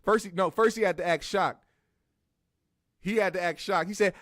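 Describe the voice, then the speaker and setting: A man with a high speaking voice hosts a comedy talk show and tells stories in a profane, animated way, jumping into voices. The sound is dry and close to the mic. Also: normal speed, pauses often, no echo. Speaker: host.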